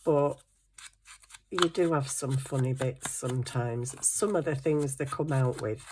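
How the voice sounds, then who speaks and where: A woman's voice: a bass voice, unhurried, dark tone, a little hiss or hum. A middle-aged woman, telling stories in casual chat and laughing often. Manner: chatty storytelling, laughing often. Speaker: craft vlogger.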